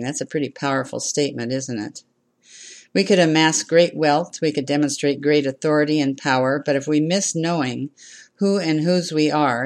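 Measured minister giving a sermon. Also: medium pitch. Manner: measured, with repeated phrases and call-and-response.

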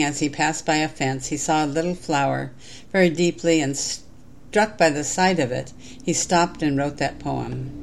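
With a mid-range voice, a spiritual speaker leads listeners through a guided meditation as part of an inspirational talk, keeping the tone calm, measured, and softly instructive.

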